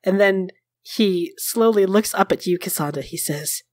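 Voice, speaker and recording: A woman's voice: medium pitch, normal speed. A woman running a tabletop role-playing game as game master, narrating expressively in a casual storytelling way.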